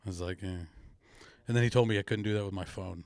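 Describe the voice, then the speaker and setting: Wry young comedian, lowish voice. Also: male voice, steady tone, fast talker, darkish tone, dry recording. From Missouri. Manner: laid-back, wry storytelling. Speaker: comedian podcast co-host. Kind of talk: casual comedic chat.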